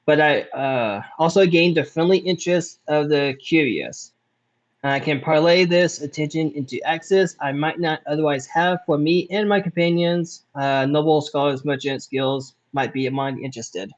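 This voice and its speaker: A man playing a tabletop game, explaining his moves with pauses and restarts. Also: a little high, muffled recording. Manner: hesitant, with fillers and restarts. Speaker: player. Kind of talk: casual tabletop game play.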